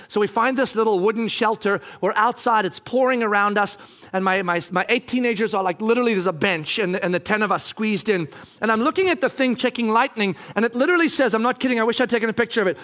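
A middle-aged man, a pastor, telling a story in a sermon, acting out scenes and at times breaking into shouts. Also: high-pitched, fast talker. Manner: animated, acts out scenes, bursts into shouting.

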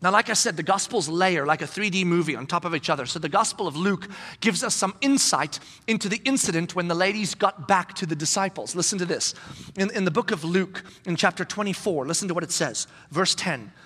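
A male pastor preaching a sermon with animated storytelling, swinging from loud to hushed whispers. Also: high-pitched, fairly quick, slightly rough. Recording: long reverb in a large hall.

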